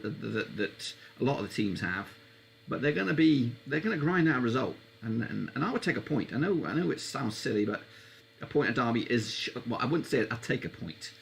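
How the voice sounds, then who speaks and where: A man hosting a live football watchalong stream, chatting casually and getting excitable, his voice leaping up whenever a chance comes. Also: vocal fry, slight background noise. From England. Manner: excitable, voice leaps up high on chances.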